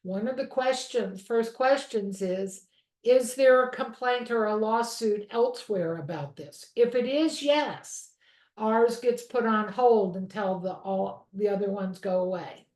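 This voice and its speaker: A woman's voice: mid-range voice, measured pace, a little mellow. Chatty woman instructor, echoey room. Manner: chatty, often checks in with "okay?". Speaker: real estate course instructor. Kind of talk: teaching a licensing course. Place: home room.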